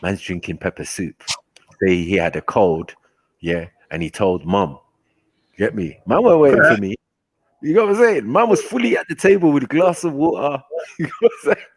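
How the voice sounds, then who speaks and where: A man telling stories in a casual chat, animated and slangy, laughing often. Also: mid-range voice, moderate pace, slightly rough, no room sound. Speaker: host.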